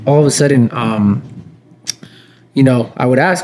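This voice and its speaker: A man's voice: mid-range voice, unhurried, a little mellow, slight background noise. A young man co-hosting a podcast, telling a story in loose casual talk and swearing freely. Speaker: podcast co-host. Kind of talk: casual chat.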